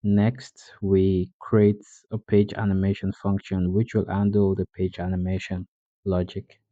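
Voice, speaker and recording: Man, low voice, tutorial narrator, plain delivery with "uh" fillers; dull lo-fi voice-over. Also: unhurried, no room sound. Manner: plain, steady explaining with frequent "uh" fillers. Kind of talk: screen-recorded coding tutorial voice-over.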